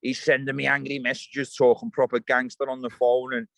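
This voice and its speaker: A man's voice: medium pitch, flat delivery, brisk, gravelly, fairly bright tone, no room sound, poor audio. A young man ranting bluntly in an interview, swearing freely while speaking outdoors by the water as he fishes. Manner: blunt, swearing straight talker. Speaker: interview guest. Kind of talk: heated interview rant.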